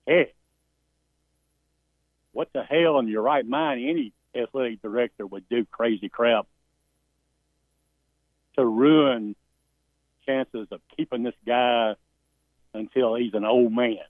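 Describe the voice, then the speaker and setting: A man's voice: medium pitch, takes it slowly, pauses often, dry recording. A man calling in to a sports talk show, giving folksy, emphatic opinions. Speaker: caller. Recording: tinny phone line.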